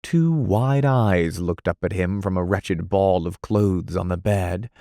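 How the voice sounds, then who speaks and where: Deep-voiced male audiobook narrator. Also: slow, mellow, no echo, clean studio sound.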